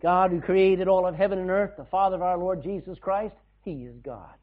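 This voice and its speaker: A man preaching a sermon, telling stories with loud bursts and hushed asides. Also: high voice, fairly quick. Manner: animated storytelling, shouting bursts and hushed asides. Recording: tinny phone-like sound.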